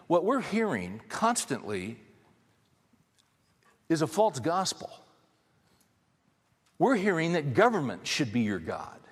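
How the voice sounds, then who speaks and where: A man's voice: fairly high pitch, wildly swooping pitch, takes it slowly, long pauses, husky, in a large hall. A man preaching a sermon to his congregation, emphatic and conversational, driving points home through repetition. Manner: emphatic, repeats key phrases for stress; conversational, addresses the congregation directly. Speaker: pastor.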